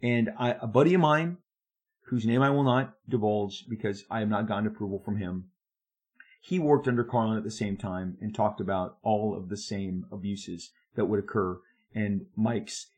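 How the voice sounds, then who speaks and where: A man in his fifties, a comic book artist telling a story from his career in an animated, emphatic way that speeds up when he gets excited. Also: fairly low pitch, moderate pace, slightly rough. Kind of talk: storytelling monologue.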